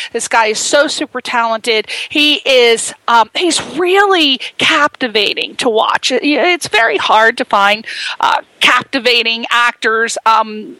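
A woman hosting an interview show, talking in a gushing, animated, exclamatory way. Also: on the high side, measured pace, no echo, rough recording. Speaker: host. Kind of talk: casual interview chat.

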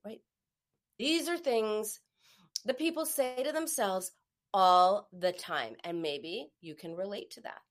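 A woman hosts a live stream on emotional eating, giving an earnest self-help talk in a coaching style and occasionally acting out a harsh inner voice. She speaks slowly in a mid-range voice.

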